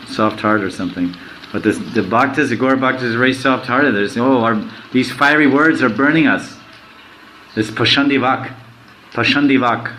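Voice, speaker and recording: A man's voice: lowish voice, a bit bright, slight background noise, low-quality recording. Man giving a question-led sermon. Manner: asks the audience questions, slowly recites verses. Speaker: spiritual teacher.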